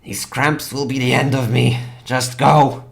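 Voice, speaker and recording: A man's voice: mid-range voice, normal speed, natural voice. A man voicing an irritable male dragon troubled by cramps, who speaks with a hiss. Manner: hissing, impatient.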